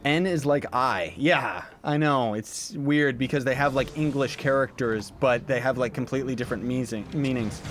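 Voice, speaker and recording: A man's voice: medium pitch, moderate pace, few pauses, fairly bright tone, slight background noise. A young man streaming a game, casually chatting and answering viewers' questions in a playful, joking way. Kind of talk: casual livestream chat. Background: game background music.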